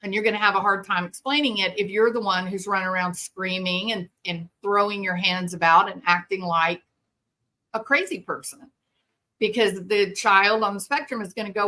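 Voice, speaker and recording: A woman hosting a talk show, explaining things casually and acting out parents and children in quick quoted voices. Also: mid-range voice, pushed and bright. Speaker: podcast host. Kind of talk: explanatory commentary.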